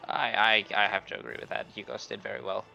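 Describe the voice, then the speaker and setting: A man's voice: fairly low pitch, fairly even intonation, fast talker, gravelly, bright, forceful tone, muffled recording, faint music behind. A young man co-commentating a sim race, casual and a little hesitant. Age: young adult.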